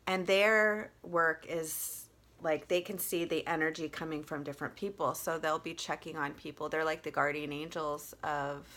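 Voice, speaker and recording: A woman vlogger telling a personal story in a casual, animated way, with lots of fillers and free swearing. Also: deep voice, normal speed.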